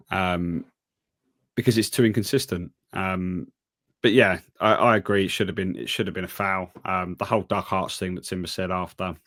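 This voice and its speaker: Lower-voiced opinionated male co-host. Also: a bit bright, dry recording, studio quality. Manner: opinionated, halting with fillers. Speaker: podcast co-host. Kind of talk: casual podcast chat.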